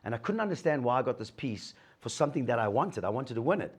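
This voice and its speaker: A man's voice: mid-range voice, big pitch swings, fast, slightly rough. A middle-aged man gives a motivational talk to an audience, telling his story and acting out the dialogue. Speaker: guest speaker sharing a recovery story.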